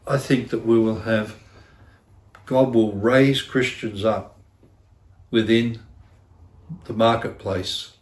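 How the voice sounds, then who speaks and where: A man's voice: lowish voice, steady tone, takes it slowly, pauses often, reverberant. A middle-aged man preaching a sermon as pastor, earnest and repeating key phrases for emphasis, with self-deprecating asides. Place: church.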